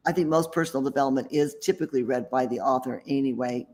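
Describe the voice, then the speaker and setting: A man's voice: mid-range voice, quick pace, a little mellow. A man guest who writes books and mentors people, talking casually and confidently in an interview, rambling a little with restarts. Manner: chatty, self-assured, rambling with restarts.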